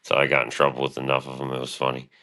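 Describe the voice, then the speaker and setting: Super deep voiced guy ranting on his stream, cussing a lot, kinda bright edgy tone. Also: monotone, racing. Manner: profane, boastful, rambling. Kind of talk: rambling casual monologue.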